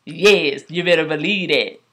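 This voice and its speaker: A woman's voice: sits low, measured pace, fairly bright tone. A woman from Savannah, Georgia, co-hosting a podcast and tossing out sassy, teasing remarks. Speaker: podcast co-host. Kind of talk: casual podcast chat.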